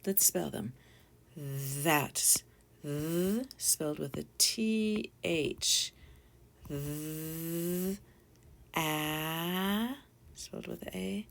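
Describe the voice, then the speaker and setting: A woman teaching a phonics spelling lesson to young children, sounding out each letter slowly and deliberately. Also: sits low, vocal fry, fairly bright tone.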